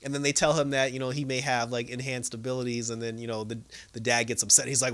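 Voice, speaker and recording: Bright-voiced man recapping an episode. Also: medium pitch, fairly even intonation. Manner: chatty, loose, full of "you know, like", quick laughs. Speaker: TV episode reviewer.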